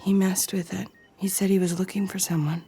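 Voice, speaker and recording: A woman voicing an ill, feverish teenage girl with a hoarse, hushed, breathy voice. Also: medium pitch, flat delivery, fairly quick, soft background music. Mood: frightened, weak.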